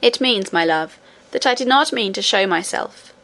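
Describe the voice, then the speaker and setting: A woman reading aloud, voicing an old grandmother who speaks calmly and gently. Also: mid-range voice, moderate pace, vocal fry. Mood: gentle.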